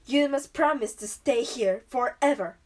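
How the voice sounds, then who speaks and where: Woman reading as the Beast, loud and gruff. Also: on the high side, unhurried, distant mic. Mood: stern. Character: beast, male castle master, gruff and stern.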